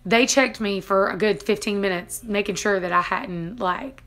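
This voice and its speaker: A woman's voice: mid-range voice, moderate pace, fairly bright tone. A woman vlogger casually retelling a dramatic personal story, laughing now and then between lines. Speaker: family homestead vlogger.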